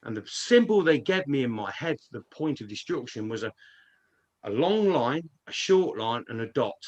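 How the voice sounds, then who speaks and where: A man spins a long, winding tale in a casual mid-pitched voice. He swears freely, stumbles over his words and restarts his sentences. It sounds like an online live stream call. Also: sing-song, normal speed. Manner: rambling, swears, many restarts. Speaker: guest. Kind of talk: casual storytelling.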